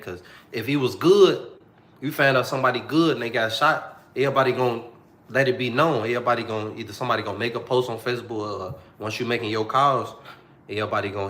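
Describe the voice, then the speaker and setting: A man's voice: mid-range voice, steady tone, fast, fairly bright tone, reverberant. A young man telling a personal story to the camera in a slangy, repetitive, heartfelt way.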